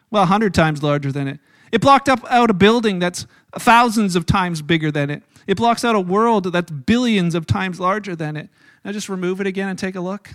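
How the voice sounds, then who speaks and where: High, bright-voiced casual preacher. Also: male voice, dry recording, clean studio sound. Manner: casual, animated storytelling with many restarts. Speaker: pastor. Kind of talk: sermon. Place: church hall with a live congregation.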